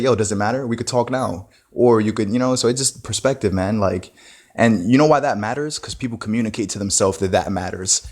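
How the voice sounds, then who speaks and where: A man giving a casual, reflective monologue, full of "you know" and "bro" and frequent restarts. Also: on the low side. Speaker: motivational talker.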